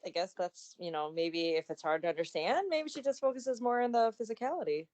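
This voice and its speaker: A woman's voice: medium pitch, lively intonation, brisk, darkish tone. A woman co-hosting a casual wrestling podcast, hesitant and full of fillers. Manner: hesitant, filler-heavy, laughing asides. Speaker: podcast co-host.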